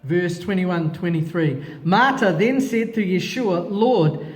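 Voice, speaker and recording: High-pitched guy teaching scripture, slow and excitable, lots of reverb. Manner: animated, exclaims and asks himself questions, drops Hebrew words. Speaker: teacher leading a Bible study. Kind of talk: expository Bible teaching.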